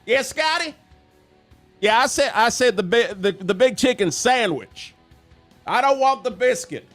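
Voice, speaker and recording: Guy doing a high-voiced rambly trucker dj, folksy, lots of swoops. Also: expressive, measured pace, a bit bright, no echo, faint music behind, heavily acted. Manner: rambling, folksy, easily sidetracked. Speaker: fill-in radio host. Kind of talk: improvised comedy radio parody.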